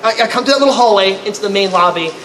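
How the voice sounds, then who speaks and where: A man telling a comic story to a live convention audience, acting out other people with loud, high-pitched outbursts. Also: expressive, very fast. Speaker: convention panelist. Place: convention panel room. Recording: echoey room, faint noise.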